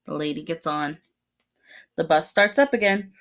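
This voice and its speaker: A young woman with a clear, bright voice reads a picture book aloud to little children. She speaks like a gentle teacher, stopping to explain the pictures and ask questions. She playfully imitates the sounds from the story. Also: medium pitch, expressive, moderate pace. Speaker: preschool teacher.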